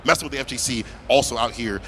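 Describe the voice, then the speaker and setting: Male convention caster, quick slangy play-by-play over loud background music. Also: medium pitch. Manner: casual, slangy, joking. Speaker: esports tournament commentator. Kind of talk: live play-by-play commentary. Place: fighting game convention venue. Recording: music playing behind the voice.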